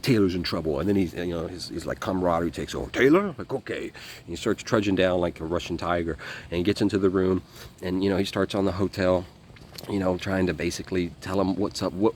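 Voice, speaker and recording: A man's voice: low-pitched, a little hiss or hum. A man telling a war story in a casual, profane, rambling way, acting out what others said. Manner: profane, rambling, acts out quotes. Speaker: former foreign legion volunteer.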